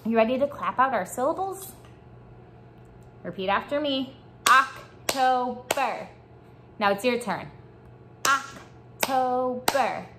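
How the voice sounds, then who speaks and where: A woman teaching young children a morning lesson, speaking slowly and encouraging them to repeat after her. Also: on the high side, animated, a little hiss or hum. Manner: slow, encouraging call-and-response teaching. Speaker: preschool teacher.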